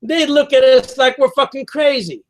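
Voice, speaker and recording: A man's voice: very high voice, normal speed. A man in his fifties co-hosting a podcast, ranting heatedly and swearing constantly. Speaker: podcast co-host. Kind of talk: casual profane chat.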